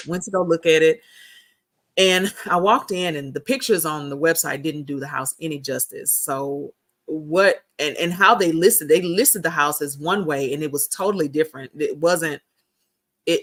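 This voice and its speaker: A woman host telling a personal story in a casual, animated chat, repeating herself for emphasis. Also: deep voice, unhurried.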